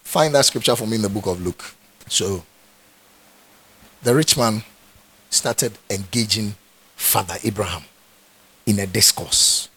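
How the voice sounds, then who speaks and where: A man's voice: lowish voice, unhurried, long pauses, fairly bright tone, slightly rough. A man with a Ghanaian accent, a pastor preaching a sermon with emphatic repetition. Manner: emphatic, repeats phrases for stress.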